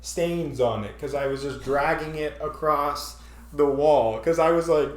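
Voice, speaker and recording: A slow-talking man with a slightly high voice tells a story on a casual show, laughing often and acting out his own panic. The room around him is echoey. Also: fairly even intonation. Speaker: podcast host.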